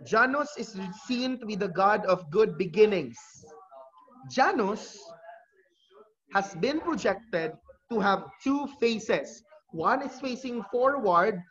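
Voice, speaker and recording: A man's voice: high voice, bright, forceful tone, lo-fi sound. A male teacher, lecturing an online class and correcting himself as he goes. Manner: explanatory, with self-corrections. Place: home during a video call. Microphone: computer mic on a video call.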